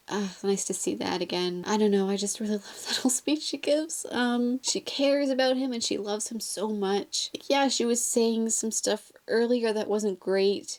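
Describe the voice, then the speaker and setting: A woman talks casually through a TV episode, gushing and rambling with plenty of fillers. Her voice sits at an ordinary middle pitch. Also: darkish tone. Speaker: TV episode reviewer. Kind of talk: casual commentary.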